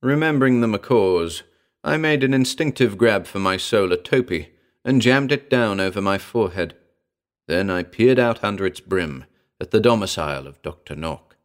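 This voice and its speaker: Man with a low voice reading a comic story. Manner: dry, wry storytelling. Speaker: narrator. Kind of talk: audiobook narration of a comic pulp story.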